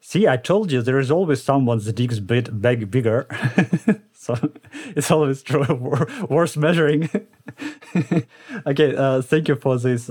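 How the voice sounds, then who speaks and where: A man hosting a casual tech podcast, friendly and quick to laugh, with many "uh" fillers. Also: mid-range voice, a little mellow. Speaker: podcast host. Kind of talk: casual chat.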